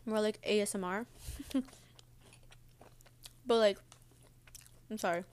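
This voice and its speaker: A woman's voice: medium pitch, steady tone, slow, a little mellow, a little hiss or hum. A young woman vlogger rambling casually to her viewers while eating cereal between words. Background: audible munching on cereal.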